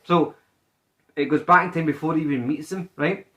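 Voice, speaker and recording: A man co-hosting a podcast, chatting casually and excitedly, swearing a lot as he retells TV scenes. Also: a little high, fairly quick. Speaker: podcast co-host. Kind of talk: casual chat.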